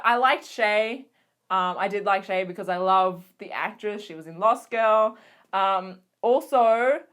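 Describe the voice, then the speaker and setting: A young woman with an Australian accent chats straight to her viewers in a casual recap vlog. Her voice sits a little high, and she gushes, giggles and trips over fillers as her excitement runs ahead of her. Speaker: vlogger.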